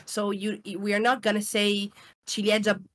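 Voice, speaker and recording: A woman's voice: medium pitch, completely flat delivery, normal speed. A woman from Italy with an Italian accent, a voice actress guest in a casual interview, explaining her work thoughtfully.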